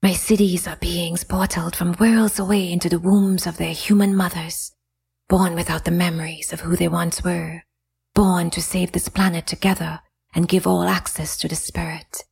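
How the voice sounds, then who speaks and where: A woman voicing an ancient goddess in a soft, breathy whisper, whispered role-play. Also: on the low side, flat delivery, normal speed, heavily acted. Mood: solemn. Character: ancient female goddess, serene and all-knowing.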